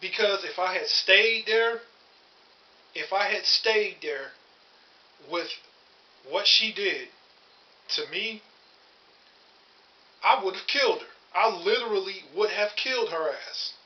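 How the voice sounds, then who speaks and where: A male vlogger in his thirties tells his story to the camera in a blunt, profane, angry rant. His voice sits high and is expressive, moving at a slow pace with long pauses, and the audio is dull and lo-fi.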